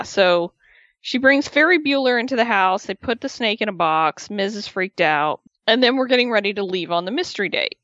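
A woman's voice: mid-range voice, a bit bright, dry recording, lo-fi sound. A woman co-hosting a casual podcast, recapping a reality show with chatty storytelling and playful put-on voices for the people she quotes. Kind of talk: casual chat.

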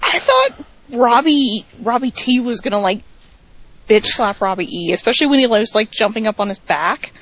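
A woman's voice: a little high, big pitch swings, normal speed, a bit bright, no room sound. A woman co-hosting a podcast, chatting casually with lots of fillers and wry asides. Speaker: podcast co-host. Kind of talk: casual chat. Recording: dry, slightly dull lo-fi sound.

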